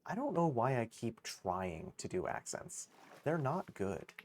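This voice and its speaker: A man's voice: medium pitch, sing-song, unhurried, a little hiss or hum. A man streaming a game live, chatting casually in a rambling, self-mocking way and swearing freely. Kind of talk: casual gaming livestream chatter.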